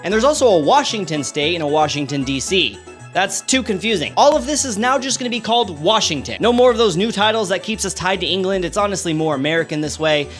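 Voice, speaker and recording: A young man giving a sarcastic, animated comedic commentary over a map, with big jumps in pitch for emphasis. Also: fast talker, soft background music. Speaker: online creator.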